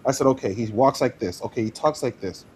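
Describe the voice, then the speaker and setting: A man of average pitch speaking as an actor guest in a relaxed podcast chat. He talks in an animated way and often laughs mid-sentence. A faint hiss sits under the recording. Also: fast talker. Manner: animated, laughs while talking. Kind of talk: casual podcast interview.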